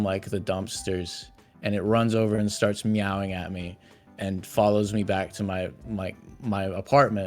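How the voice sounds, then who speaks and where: Chill dude rambling on stream, cusses a ton, quiet music in back. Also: male voice, on the low side. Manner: laid-back, swears a lot. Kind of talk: casual chat.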